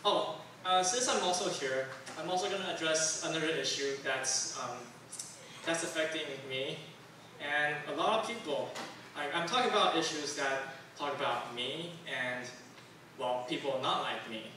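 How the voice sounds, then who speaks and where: A man's voice: a little high, moderate pace, bright, forceful tone, slight background noise. A young man from Taiwan doing a stand-up comedy set, rambling and self-deprecating with lots of fillers, on a club stage. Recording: very echoey room, distant mic.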